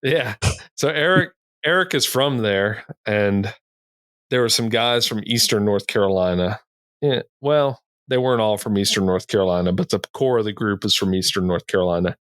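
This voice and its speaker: This is a man cohosting a podcast who talks in a low, easygoing register. He rambles through a story in a casual way and laughs at his own tales. The sound is close and dry, with no room around it. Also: moderate pace, fairly bright tone, dry recording.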